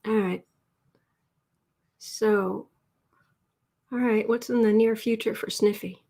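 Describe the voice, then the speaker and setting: A woman hosting a live tarot stream from home, excited and teary, her voice shaky as she chats and laughs. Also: fairly high pitch, slow. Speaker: tarot reader host. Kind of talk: emotional live-stream chat.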